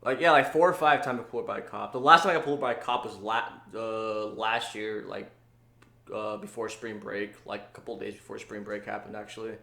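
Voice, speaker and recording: A man in his twenties hosting a podcast, chatting casually with a lot of swearing, quick interjections and laughter. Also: on the low side, steady tone, creaky, bright, forceful tone. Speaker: podcast host. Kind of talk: casual chat. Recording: roomy echo.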